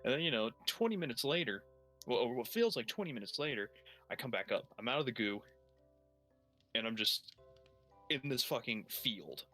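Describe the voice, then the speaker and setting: A man's voice: mid-range voice, lively intonation, normal speed, pauses often, pushed and bright, soft background music. A young man telling a long story while playing a game, rambling, swearing heavily and restarting his sentences. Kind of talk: casual profane storytelling while gaming.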